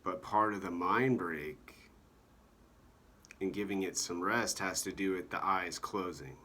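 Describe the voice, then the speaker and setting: A man giving a meandering monologue about comedy, halting often and filling gaps with "you know" and "like". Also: deep voice, bright, forceful tone, slight background noise.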